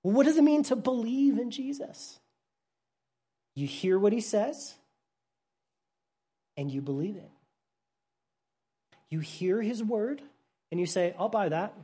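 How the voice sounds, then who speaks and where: A Bible teacher preaching a sermon, explaining in plain, simple words with frequent restarts, and swinging from loud emphasis to hushed softness. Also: medium pitch, expressive, takes it slowly, pauses often, husky.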